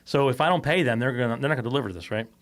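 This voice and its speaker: A man's voice: medium pitch, rapid-fire. A man co-hosting a podcast, telling a story in casual chat, swearing freely, laughing along and acting out the people he quotes. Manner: animated, acts out quoted voices. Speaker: podcast co-host.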